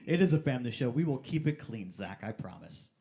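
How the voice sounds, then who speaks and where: Lively stream game-show host, goofy announcer voice that drags out the big words, lots of ups and downs in pitch. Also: fairly quick, gravelly. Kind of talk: playful game-show hosting.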